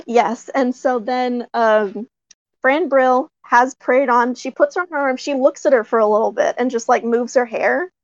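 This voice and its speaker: A puppeteer with a fairly high voice tells a casual story, eager and excited, laughing often and padding pauses with "um" and "like." The recording is dry, a bit dull, and has no echo.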